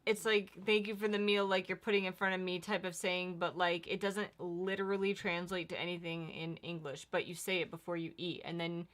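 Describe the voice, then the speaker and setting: A woman's voice: on the low side, little pitch movement, a little fast, hardly any pauses, fairly bright tone. A woman co-hosting a casual live stream, chatting and explaining things with lots of "like" fillers. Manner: reads viewer comments aloud.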